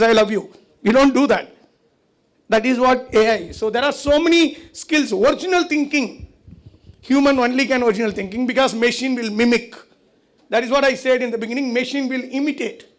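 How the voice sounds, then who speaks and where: A man giving a conversational lecture at a conference, often asking the audience rhetorical questions. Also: very high voice. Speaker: conference speaker. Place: conference hall.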